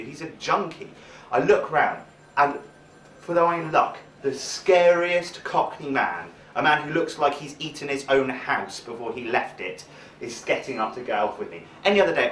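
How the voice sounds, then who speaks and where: A man's voice: mid-range voice, a little hiss or hum. Young man doing stand-up, heard from a distant mic with roomy sound. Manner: animated, self-mocking storytelling that jumps between voices. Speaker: stand-up comedian. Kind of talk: stand-up comedy storytelling. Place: comedy stage.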